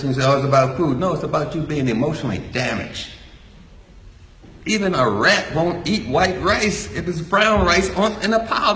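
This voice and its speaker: A man's voice: mid-range voice, a bit bright. An older man giving a folksy, joking talk to a live audience. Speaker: speaker. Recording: echoey hall.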